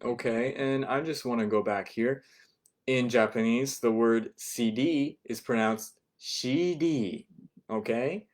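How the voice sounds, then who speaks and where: A man teaching a beginner language class online, explaining phrases patiently and often checking in with "right?". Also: mid-range voice. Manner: repeats phrases slowly for learners.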